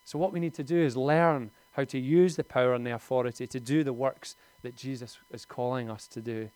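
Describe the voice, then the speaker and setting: A man's voice: mid-range voice, fairly even intonation, a little fast, a little mellow, smooth, dry recording. A man, preaching a conversational sermon in a lightly humorous tone.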